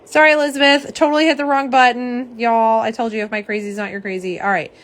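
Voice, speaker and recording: A young woman with a slightly hoarse, fairly high voice hosts a casual live stream. She is chatty and self-deprecating and talks straight to her viewers. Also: steady tone, quick pace. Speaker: live stream host showing nail polish swatches.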